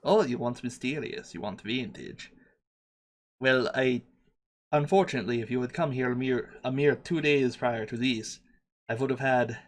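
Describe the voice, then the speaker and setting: A man's voice: sits high, expressive, voice pushed up. A man voicing a short, hunched old male shopkeeper with a put-on foreign accent and broken English. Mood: welcoming. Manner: fawning salesman, broken halting English. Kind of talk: tabletop game voice acting.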